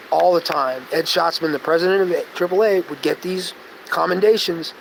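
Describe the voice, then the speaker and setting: A man chatting on a live stream, telling rambling stories and losing his train of thought, sometimes going soft and gentle. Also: a little high, moderate pace, vocal fry, a little hiss or hum, rough recording. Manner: tangential, storytelling, loses his train of thought; gentle, soft-spoken when calming people. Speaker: vlogger.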